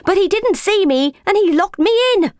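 A woman's voice: very high-pitched, moderate pace, no room sound, studio quality, voice pushed up. A woman voicing a grumpy male house cat who complains crossly and adds meows to his speech.

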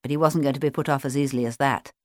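A woman reading a children's animal story aloud in a gentle storybook manner. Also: very deep voice, fairly even intonation, rapid-fire, dry recording, studio quality.

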